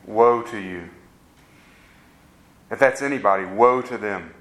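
A man's voice: lowish voice, unhurried, long pauses, fairly bright tone. A man preaching a sermon, making earnest, pleading appeals to his listeners.

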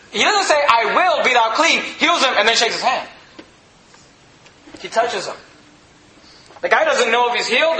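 A man's voice: very high-pitched, roomy sound, rough recording. A man preaching a sermon in a church, emphatic, often asking the congregation rhetorical questions. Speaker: pastor.

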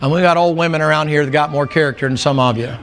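A man's voice: a little high, very fast, crowd noise. A middle-aged man preaching a sermon in church, blunt and folksy, telling stories. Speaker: pastor.

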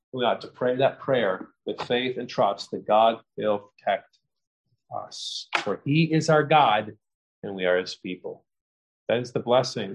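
Earnest man preaching an expository sermon. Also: poor audio. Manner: earnest expository preaching, rising pitch when animated. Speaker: pastor.

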